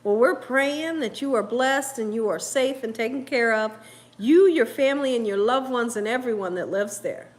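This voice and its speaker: A woman's voice: fairly high pitch, moderate pace. A woman hosting a live cooking stream in a casual, chatty way, laughing often and reading viewer comments aloud. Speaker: cooking show host.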